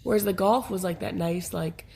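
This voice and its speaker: Hoarse, congested woman chatting. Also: lowish voice, moderate pace, darkish tone. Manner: chatty, frank, laughs often. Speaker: podcast co-host. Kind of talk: casual chat.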